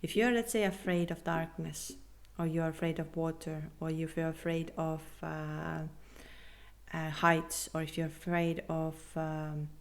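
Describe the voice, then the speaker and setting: A woman talks through a spiritual podcast in a low voice with a lot of vocal fry. She speaks earnestly and reassuringly, with non-native phrasing, and now and then softens into a breathy half-whisper. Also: steady tone, unhurried. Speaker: podcast host and spiritual coach. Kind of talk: casual podcast monologue.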